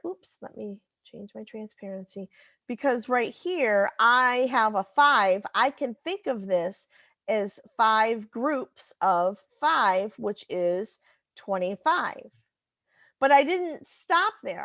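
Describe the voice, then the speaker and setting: A woman's voice: on the high side, fairly bright tone, dry recording. A woman teacher talking through a recorded math lesson, patiently explaining step by step and correcting herself as she goes.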